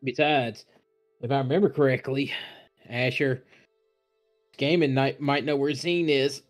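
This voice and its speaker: A man playing a tabletop role-playing game, speaking in a measured way as he reasons things out in character. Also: mid-range voice, fairly even intonation, faint music behind. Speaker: player.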